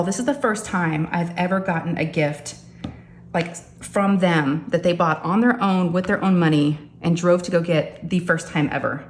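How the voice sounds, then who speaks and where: A middle-aged woman chatting casually as a crafting vlogger, animated and talking straight to her viewers. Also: fairly low pitch, brisk, a little hiss or hum. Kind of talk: casual storytelling chat. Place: home craft room. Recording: echoey room with faint ambience.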